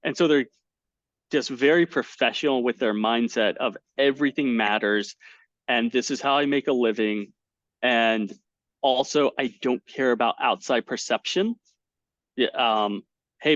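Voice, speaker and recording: A man tells stories as a guest on an interview call, lively and full of restarts and fillers. His voice sits in a middling range. The audio is dull and lo-fi, with no room sound at all. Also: medium pitch, a little slow, no echo. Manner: animated storyteller, many fillers and restarts. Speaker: guest, poker commentator. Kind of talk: casual interview over video call. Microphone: webcam setup at home.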